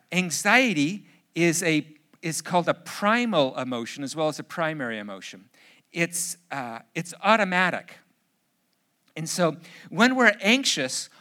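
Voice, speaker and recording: A middle-aged man from Canada delivers a sermon in a bright, somewhat high voice. He keeps it conversational and jokey, then pushes into emphatic, urgent preaching. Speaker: pastor.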